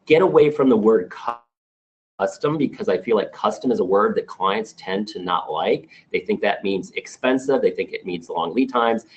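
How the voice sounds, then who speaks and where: A man's voice: lowish voice, expressive, moderate pace, dull audio. A man presenting new products to his sales team in a business meeting, upbeat as he runs through specs with small restarts.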